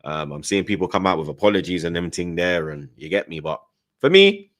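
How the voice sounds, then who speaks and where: A man's voice: low voice, sing-song, fast, a bit bright. A man hosting a casual live-stream football chat, heavy on slang and tag questions. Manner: London slang-heavy, says 'blood' and 'you get me' often. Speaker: host.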